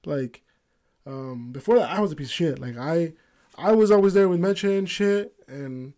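A man co-hosting a podcast who talks in a halting, confessional way, full of fillers. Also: fairly high pitch, expressive, mellow. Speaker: podcast co-host. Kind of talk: casual chat.

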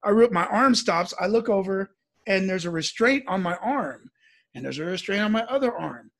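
A man from the US Midwest telling a personal story in casual speech, animated and acting out the voices as he goes. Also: sits high, moderate pace.

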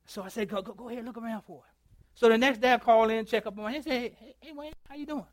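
High-voiced preacher, dry close sound. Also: male voice, no room sound. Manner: storytelling, acts out both sides of a phone call; swings from loud to hushed, drawn-out phrases. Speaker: pastor. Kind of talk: sermon. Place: church.

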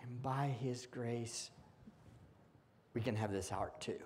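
A man preaching a sermon as pastor, moving from hushed whispers to loud emphatic exclamations. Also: mid-range voice, steady tone, takes it slowly, slight background noise. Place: church sanctuary.

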